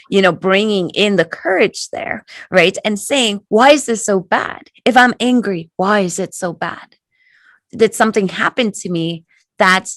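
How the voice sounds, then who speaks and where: Middle-aged lady talking thru feelings, casual and earnest, keeps saying right?, low-ish voice. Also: a bit bright, no echo. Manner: chatty, earnest, says "right?" often. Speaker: tarot shop host and spiritual guide. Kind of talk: casual guided reflection talk.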